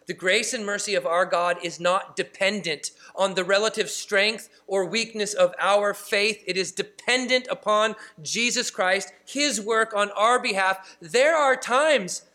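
A male pastor delivers a sermon in a high, bright voice. He leans hard into key phrases, then drops to soft, low asides. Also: a little slow, few pauses. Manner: emphatic, shifts between loud stresses and quiet asides. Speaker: pastor and church planter.

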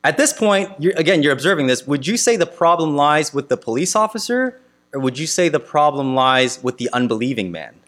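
A man preaching a sermon to his congregation, asking earnest rhetorical questions with emphatic pauses. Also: fairly high pitch, sing-song, a bit bright. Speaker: pastor.

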